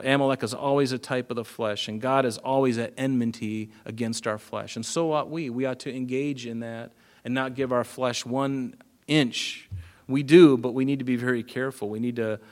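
A man's voice: mid-range voice, steady tone, moderate pace, a little mellow. Man, pastor, casual storytelling sermon with asides, shifting volume.

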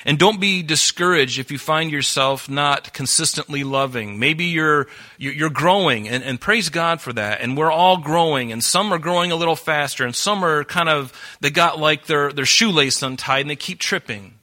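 A pastor preaching an earnest sermon, often repeating words and acting out Bible dialogue. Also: male voice, on the high side, normal speed, few pauses, bright, forceful tone.

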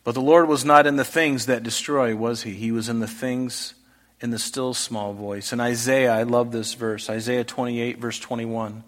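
A man preaching an earnest sermon, posing rhetorical questions and swinging between loud, emphatic lines and soft, hushed ones. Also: mid-range voice, fairly even intonation, moderate pace. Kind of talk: expository sermon.

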